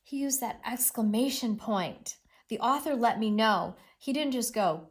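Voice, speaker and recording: A woman teacher giving an expressive, encouraging read-aloud reading lesson with lots of emphasis. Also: a little high, unhurried.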